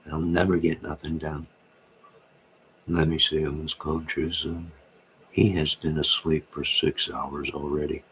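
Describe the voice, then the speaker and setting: A man's voice: a bass voice, a bit bright, slight background noise. A man hosting a late-night livestream from home, bantering and joking in a rambling way as he answers his viewers' comments. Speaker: livestream host reading chat.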